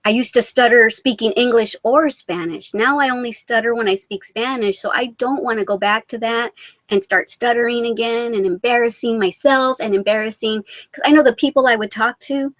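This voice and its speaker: A woman's voice: fairly high pitch, moderate pace, fairly bright tone, no echo, low-quality recording. A woman of Mexican origin hosting a casual live vlog, reading out viewer comments in a rambling, sentimental, self-deprecating way. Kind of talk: casual live-stream chat.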